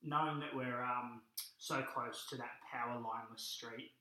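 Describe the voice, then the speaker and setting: A man's voice: medium pitch, fairly even intonation, normal speed, sharp tone. A young Australian man co-hosting a podcast, upbeat and teasing, presenting segments from a living-room lounge on a shared mic. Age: young adult. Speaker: podcast co-host. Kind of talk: casual chat. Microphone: single shared mic. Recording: roomy echo.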